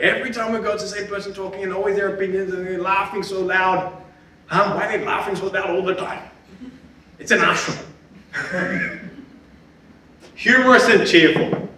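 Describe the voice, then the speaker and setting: A man, a spiritual teacher, gives a lively lecture full of anecdotes. He laughs often and checks in with his listeners by asking "yeah?". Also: high voice, a little hiss or hum. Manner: animated, laughs often, ends points with a questioning "yeah?". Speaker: spiritual teacher giving a talk. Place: lecture hall at a festival symposium. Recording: very echoey hall, speaker far from the mic.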